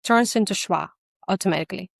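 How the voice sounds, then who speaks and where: A woman's voice: medium pitch, fast talker, gravelly, no echo, clean studio sound. A woman taking part as student and co-host in a casual pronunciation lesson, answering briefly and hesitantly, a little self-mocking.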